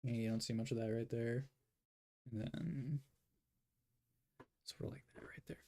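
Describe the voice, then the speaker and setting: A man's voice: medium pitch, unhurried, gravelly, dark tone. A man talking to himself in a rambling way as he draws, giving casual commentary. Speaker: artist.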